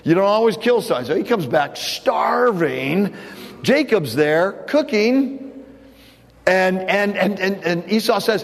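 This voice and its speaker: A man's voice: sits high, lively intonation, unhurried, gravelly, in a large hall. A man preaching a sermon, telling a story in a loose, conversational way with frequent restarts. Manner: casual storytelling with repeated restarts. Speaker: pastor.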